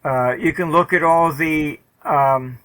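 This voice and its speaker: An older man speaks as an interview guest, blunt and loose, full of fillers and the odd swear. His voice is bright and forceful, sitting a little higher than most men's. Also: slow, poor audio. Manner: blunt, rambling, many "um" and "you know" fillers, swears. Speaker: interview guest, market forecaster. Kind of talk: casual interview talk, storytelling.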